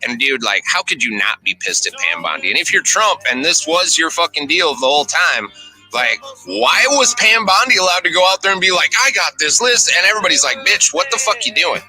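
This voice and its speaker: A man's voice: on the high side, expressive, a little fast, pushed and bright, faint music behind, low-quality recording. A man ranting about politics with constant swearing, often mocking others in quoted voices. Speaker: commentator in a played clip. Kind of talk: profane rant to camera.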